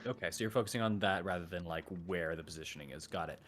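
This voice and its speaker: A man narrating as game master of a tabletop game, relaxed and loose, with some filler words. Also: low-pitched, quick pace.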